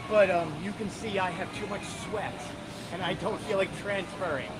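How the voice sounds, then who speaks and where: A man's voice: high-pitched, normal speed, poor audio. A man co-hosting a casual live vlog outdoors at a theme park, playful and teasing. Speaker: co-host. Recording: loud crowd in the background.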